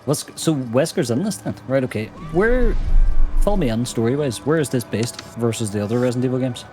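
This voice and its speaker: Young male stream host, easygoing, mid-pitched, light music underneath. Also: animated, fairly quick, warm tone. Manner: laid-back, laughs easily, reads chat. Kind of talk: casual gaming stream chat.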